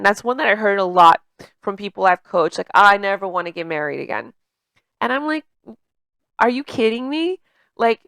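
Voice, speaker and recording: A woman's voice: mid-range voice, a bit bright, smooth, no room sound. Woman coach with a slight stutter. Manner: repeats words mid-sentence, slight stutter; conversational, many fillers like "you know" and "like". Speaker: emotional intelligence coach. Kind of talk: casual coaching monologue.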